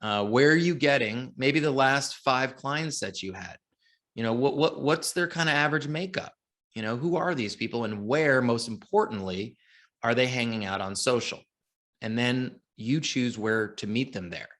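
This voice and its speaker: Guy giving a marketing class, bright punchy voice, chatty, keeps asking the audience stuff. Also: mid-range voice, animated, normal speed. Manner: upbeat, chatty, asks listeners questions. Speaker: presenter. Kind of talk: lively webinar teaching.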